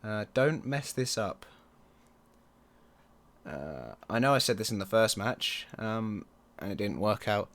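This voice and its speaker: Excitable man yelling at a football game. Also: lowish voice, slow pace. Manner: excitable, groans and yells at the match. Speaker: video game commentator. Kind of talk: let's play commentary.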